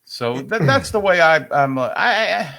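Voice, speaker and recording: A man's voice: fairly high pitch, lively intonation, a little slow, vocal fry, bright, forceful tone. An older man with a New York accent, co-hosting a casual sports podcast and ranting grumpily. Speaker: podcast co-host.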